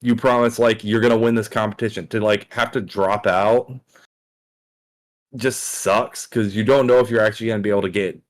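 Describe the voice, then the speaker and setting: A man's voice: fairly low pitch, steady tone, moderate pace. Young man co-hosting casual fight-talk podcast. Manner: rambling, lots of "like" and restarts. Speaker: podcast co-host. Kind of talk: casual combat sports chat.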